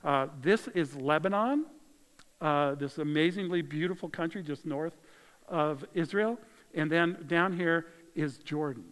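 A male pastor delivers a lively sermon in a slightly higher voice than most men. He drops to near-whispers and then rises for emphasis, and a long reverb from a large hall trails his words. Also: a little slow. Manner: animated, conversational preaching with dramatic shifts in volume.

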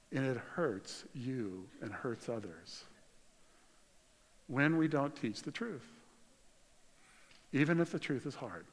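A man preaching a sermon as a pastor, conversational and storytelling, swinging from loud to very quiet. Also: mid-range voice, big-room sound.

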